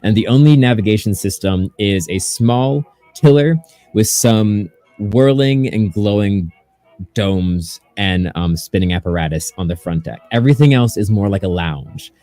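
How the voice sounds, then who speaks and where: A man acting as game master, narrating a tabletop game in a relaxed way full of fillers. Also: lowish voice, measured pace, no echo, soft background music.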